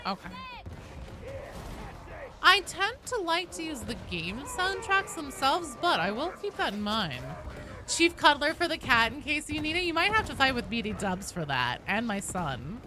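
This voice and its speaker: A woman's voice: high-pitched, very animated, unhurried. A woman in her thirties chatting casually with her stream viewers, rambling with lots of restarts and fillers. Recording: clear background noise.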